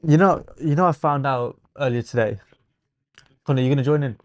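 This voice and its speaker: A young man with an English accent hosting a casual football watchalong stream, teasing viewers and thinking out loud. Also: medium pitch, fairly quick, no room sound.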